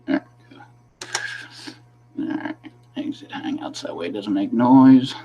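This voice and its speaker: A man's voice: mid-range voice, unhurried, lo-fi sound, faint music behind. A man hosting a livestream in casual chat, rambling and laughing between his sentences. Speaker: host of a livestream.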